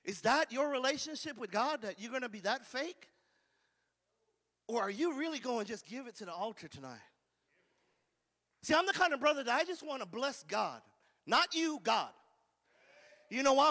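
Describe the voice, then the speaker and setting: A man's voice: very high voice, expressive, moderate pace, bright, forceful tone, big-room sound. A man preaching a fervent sermon as pastor, drawing call-and-response amens from the congregation.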